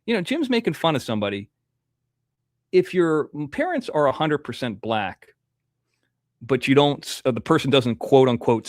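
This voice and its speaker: A man's voice: medium pitch, sing-song, normal speed, no echo, clean studio sound. A man hosting a casual livestream, rambling as he reads out viewer donations while nursing a toothache. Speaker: livestream host.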